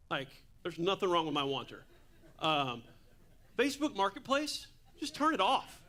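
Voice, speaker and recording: A man preaches a relaxed, humorous sermon, full of asides and stories. His voice sits high and rings bright and clear. He is in a church. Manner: casual, jokey preaching with asides. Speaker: pastor.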